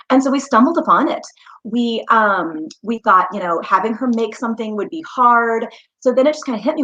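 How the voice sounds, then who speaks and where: A woman's voice: fairly high pitch, brisk, fairly bright tone. A woman speaks as a guest on an interview show, earnest and heartfelt as she tells her story. Her audio comes through slightly muffled and dull, as on a remote call. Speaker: guest, mother and small business founder.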